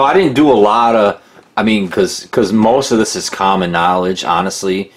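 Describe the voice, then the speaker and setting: A man with a deep voice talks through a critical documentary in a loose, rambling way. He is sarcastic and mocking, full of asides and restarts. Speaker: documentary narrator. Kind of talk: casual critical commentary.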